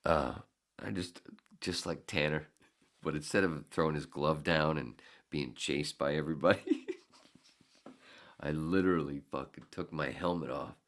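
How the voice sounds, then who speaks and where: A man's voice: a bass voice, measured pace, long pauses, fairly bright tone. A man in his fifties, a podcast host, telling a story in a casual, heated and profane way. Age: 50s.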